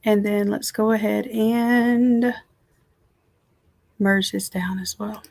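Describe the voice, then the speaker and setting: A woman design instructor giving a casual, chatty live software tutorial from home, talking straight to her viewers. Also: medium pitch, steady tone, slow, vocal fry.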